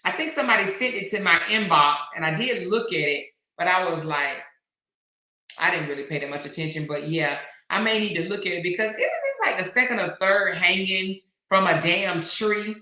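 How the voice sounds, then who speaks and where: Middle-aged woman host, chatty, slangy, bright voice, echoey room. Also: fairly low pitch, normal speed. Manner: chatty, animated, slangy, reads viewer comments aloud. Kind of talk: casual live-stream chat.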